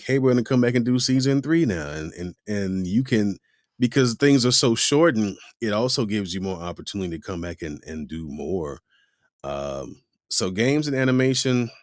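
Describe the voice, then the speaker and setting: A man's voice: low voice, moderate pace, no echo, clean studio sound. A man, a voice actor, chatting casually in an interview and acting out quoted voices as he talks. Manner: animated, acts out quoted voices. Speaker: voice actor guest.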